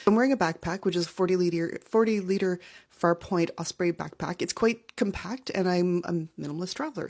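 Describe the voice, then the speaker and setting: A Canadian woman talks straight to camera, telling a casual storytime. Her voice sits a little low for a woman. She is chatty and wry and pokes fun at herself. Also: darkish tone. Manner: chatty, wry, self-deprecating. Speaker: travel vlogger. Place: home, early morning.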